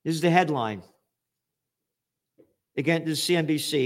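Older guy ranting and cursing on his show, sarcastic, slightly high voice. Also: normal speed, pauses often. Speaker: show host. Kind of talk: angry political commentary.

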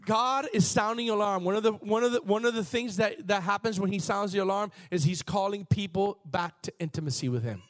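A man's voice: high voice, brisk, hardly any pauses. A man preaching a sermon, reading scripture aloud and calling on the congregation to respond, with bursts of emphasis. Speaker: pastor.

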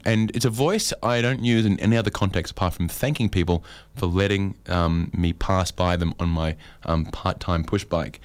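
Man, lowish voice, dry close sound, rambling comic monologue with self-mocking asides. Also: no echo. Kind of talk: comedic monologue.

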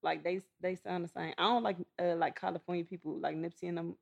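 A woman's voice: on the low side, fairly even intonation, fast, vocal fry, muffled recording. A woman co-hosting a podcast, blunt and opinionated, laughing often in casual banter. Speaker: podcast co-host.

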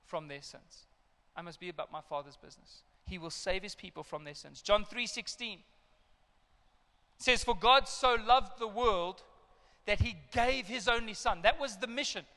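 Middle-aged male pastor, bright tenor, lively sermon storytelling, long church reverb. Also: high-pitched. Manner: animated storytelling with acted parental outbursts.

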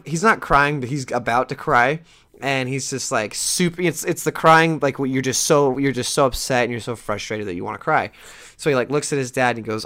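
A man's voice: medium pitch, fairly bright tone. Earnest rambling young man. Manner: rambling, earnest, with many restarts. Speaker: podcast host. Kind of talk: casual solo podcast talk.

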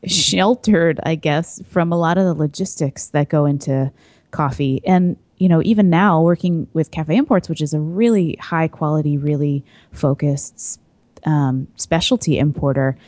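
Woman, 30s, podcast guest; low-pitched, mellow, dry close sound, chatty with fillers. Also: normal speed, no room sound. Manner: chatty, laughs easily, trails into fillers. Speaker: podcast guest, coffee importer. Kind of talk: casual chat.

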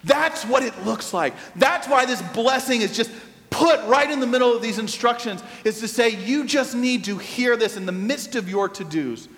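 High-voiced man preaching in an echoing church. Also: normal speed. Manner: animated storytelling, conversational with asides to congregation. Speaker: pastor. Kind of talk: sermon. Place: church sanctuary. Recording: long reverb of a church hall.

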